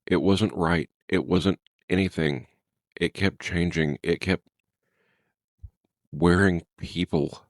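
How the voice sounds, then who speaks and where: A man voicing a frightened, injured woman in her thirties trapped in a cave, who speaks in halting, trembling, broken sentences while telling a horror story. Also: deep voice, steady tone, dry recording, clean studio sound.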